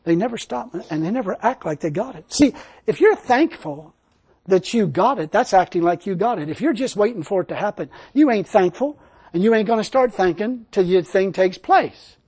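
A man's voice: high-pitched, animated, moderate pace, a little mellow, husky. A man preaching a sermon to a church congregation, folksy and emphatic, with casual grammar. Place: church service.

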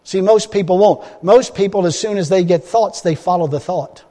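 A man's voice: high-pitched, moderate pace, dark tone, big-room sound. A man preaching a sermon in an emphatic, folksy way, often restarting his phrases.

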